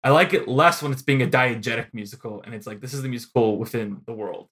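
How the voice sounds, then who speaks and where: A man co-hosting a podcast, chatting casually about old movies with lots of fillers and quick laughs. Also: medium pitch, a bit bright. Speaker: podcast co-host. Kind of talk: casual film discussion.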